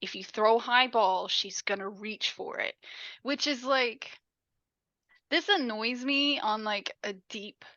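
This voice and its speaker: A woman's voice: a little high, slow, bright, forceful tone, no room sound, lo-fi sound. A woman co-hosting a podcast, casually explaining baseball details about a movie and swearing now and then. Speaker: podcast co-host. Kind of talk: casual movie recap chat.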